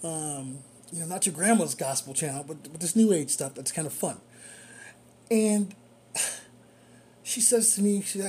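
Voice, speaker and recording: A man, a rideshare driver, tells a story from his shift in a loose, casual way. He is animated and breaks into chuckles often, and his voice has a mellow, warm tone. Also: a little high, measured pace, pauses often, slight background noise.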